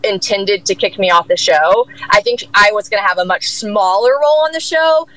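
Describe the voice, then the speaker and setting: A woman telling a story in casual chat, rambling and animated, packed with "like" and casual swearing. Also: moderate pace, no echo, low-quality recording. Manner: rambling, lots of "like" fillers and swearing; animated, jumps high in pitch when quoting others.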